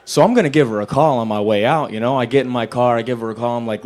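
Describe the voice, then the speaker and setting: A man's voice: mid-range voice, fast. Man telling stand-up stories at an open mic. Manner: deadpan storytelling with loud acted-out quotes. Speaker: stand-up comedian. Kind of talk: stand-up comedy set. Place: small bar at a live open mic.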